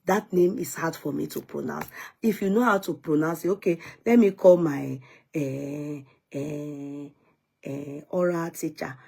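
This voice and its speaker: Husky-voiced Nigerian woman vlogger. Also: on the low side, moderate pace, mellow. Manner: chatty, retorts to commenters, mixes in Yoruba phrases. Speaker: vlogger commenting on news. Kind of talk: casual commentary to viewers.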